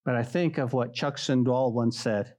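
A man's voice: medium pitch, normal speed. A man preaching a sermon as a pastor, telling stories and acting out mocking voices. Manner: animated, acts out mocking voices.

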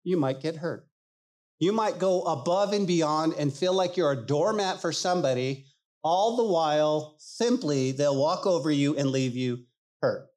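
A man preaching a sermon as pastor, animated and emphatic, acting out the people he quotes. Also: on the high side, a little slow.

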